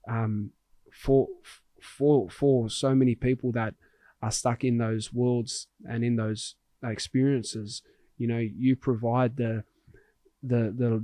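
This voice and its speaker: A man hosts a podcast and tells a story in an earnest, heartfelt voice at a middle pitch. He often restarts his sentences as he searches for words. The sound is dry and close. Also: a little mellow, dry recording. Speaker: podcast host. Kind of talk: conversational storytelling.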